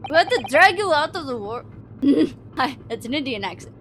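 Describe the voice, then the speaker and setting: A woman voicing a gruff, accusing male ship officer in a clipped, threatening put-on accent. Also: high-pitched, big pitch swings, unhurried, fairly bright tone, a little hiss or hum, exaggerated voice. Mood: menacing.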